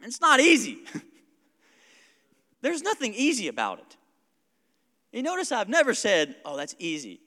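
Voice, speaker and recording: A pastor preaching an animated sermon, laughing often and acting out his kids. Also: high-pitched, a little slow, pauses often, long reverb tail.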